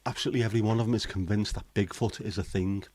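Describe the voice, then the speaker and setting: A man's voice: on the low side, steady tone, racing, a little mellow, a little hiss or hum. A man chatting casually on a livestream, blunt, sweary and cynical. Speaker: livestream host. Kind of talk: casual chat.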